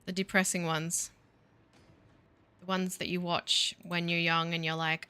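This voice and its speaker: A woman's voice: fairly low pitch, level tone, measured pace, pauses often, bright, forceful tone, clear, resonant tone. A woman giving casual gameplay commentary, wry and self-mocking, grumbling at the game as she builds. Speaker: gaming video host.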